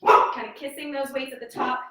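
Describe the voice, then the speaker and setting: A woman's voice: sits high, fairly even intonation, moderate pace, fairly bright tone, recorded from a distance. A woman fitness coach, a bit winded, giving upbeat form cues while exercising at home. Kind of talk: live workout instruction. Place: home room. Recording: echoey room, voice from off-mic.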